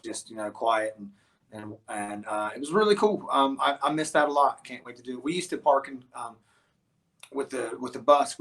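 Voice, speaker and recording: A man from the United States, a touring rock musician, telling stories as an interview guest, animated and full of restarts and fillers. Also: mid-range voice. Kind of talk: casual interview storytelling.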